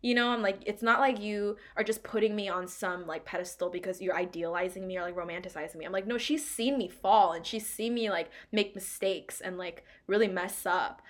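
A woman's voice: medium pitch, a little fast, hardly any pauses. A young woman co-hosting a podcast, talking in a heartfelt, rambling way with lots of "like". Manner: heartfelt, rambling, heavy use of "like". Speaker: podcast co-host. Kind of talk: casual chat.

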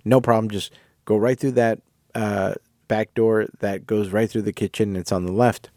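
A man quoting a calm, friendly young woman boss. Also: on the low side, normal speed, no room sound, studio quality, natural voice. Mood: reassuring. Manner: easygoing, reassuring.

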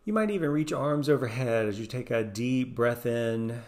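A man leading a guided meditation, giving slow, gentle, soothing instructions. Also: mid-range voice.

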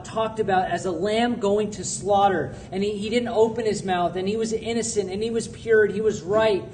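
A man's voice: high-pitched, a little mellow. A man preaching a youth sermon in a conversational, earnest way, repeating phrases for emphasis. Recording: distant mic with faint background noise.

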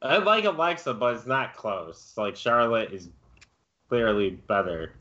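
Bright-voiced man debating on a podcast. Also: mid-range voice, animated, a little slow, highs cut off. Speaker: podcast co-host. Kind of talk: casual chat.

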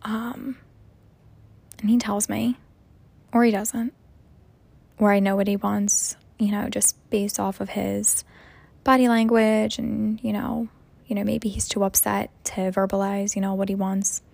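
A woman's voice: medium pitch, flat delivery, a little slow, creaky, long pauses, a little mellow, no echo. A young woman, a mom, talking casually in a rambling monologue full of "you know" and "like". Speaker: mom sharing personal reflections.

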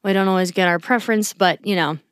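A woman's voice: medium pitch, quick pace, clear, resonant tone, no echo. A woman runs through the week's sports news on her own podcast in a chatty, upbeat way. Her voice sits mid-range for a woman. The recording is dry and close, with no room sound. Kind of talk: casual solo sports recap.

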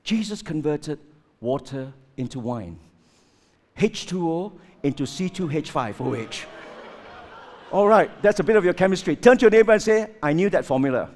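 A man preaching a sermon with lots of rhetorical questions, swinging between loud outbursts and hushed asides. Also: fairly high pitch, lively intonation, moderate pace.

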